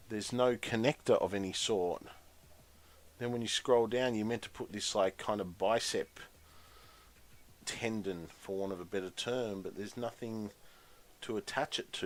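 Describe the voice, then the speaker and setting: A man hosting a casual live stream, chatty and muttering to himself while concentrating on a build. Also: lowish voice.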